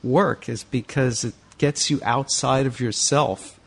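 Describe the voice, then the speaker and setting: A man's voice: mid-range voice, steady tone, takes it slowly, gravelly, husky. A man hosting a podcast interview, musing thoughtfully in conversation. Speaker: podcast host.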